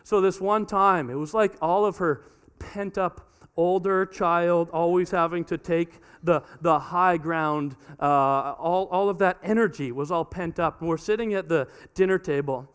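A man in his thirties preaching a sermon to a congregation, telling a lively family story and acting out the dialogue, often repeating words as he restarts a sentence. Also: fairly high pitch, measured pace, clean tone. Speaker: pastor. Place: church hall before a congregation.

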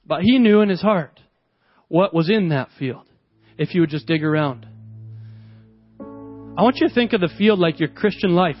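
A man's voice: sits high, animated, normal speed, pauses often, muffled recording, faint music behind. A man preaching a sermon, telling a story earnestly and repeating phrases for emphasis. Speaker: pastor.

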